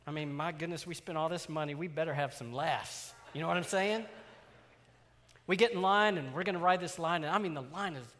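Guy preaching, tells a story, gets loud then real quiet, big echoey church sound. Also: on the high side, a little fast. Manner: animated, swings from loud exclamations to hushed asides. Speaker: pastor. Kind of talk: storytelling sermon. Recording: long hall reverb.

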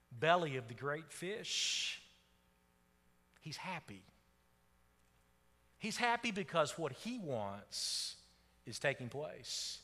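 A man preaching a sermon as pastor, swinging dramatically between loud exclamations and hushed, low passages. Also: in a large hall.

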